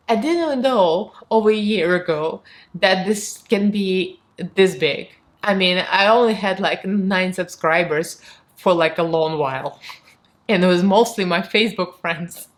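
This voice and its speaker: A woman with a Russian accent, a beauty vlogger in her thirties, chatting candidly to camera, laughing often and acting out what people said to her. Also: lowish voice. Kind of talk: casual chat to camera.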